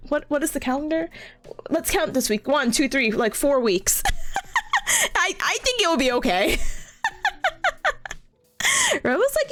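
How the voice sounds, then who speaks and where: A young woman streamer talks to her viewers in a high, bright voice. Her pitch swoops up and down as she tells the story with lively energy. She laughs easily and pokes fun at herself. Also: normal speed, long pauses, a little hiss or hum. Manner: animated, laughs often, self-mocking. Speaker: study streamer. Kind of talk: casual storytelling chat.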